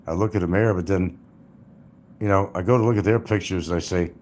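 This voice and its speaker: A man's voice: deep voice, fast talker, a little mellow, slight background noise. An older man hosting a livestream, rambling and mocking with crude, casual talk. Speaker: livestream host.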